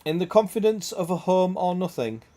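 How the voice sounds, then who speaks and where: With a high-sitting, dark-toned voice and lively intonation, a young gaming streamer talks at normal speed. He keeps up crude, casual gameplay chat packed with swearing and laughter.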